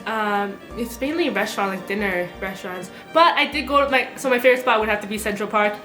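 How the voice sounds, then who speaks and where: A young woman chatting casually and telling animated, giggly stories as a podcast guest. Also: medium pitch, fast talker, roomy sound, faint music behind. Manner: animated storytelling, giggly, lots of fillers. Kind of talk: casual chat.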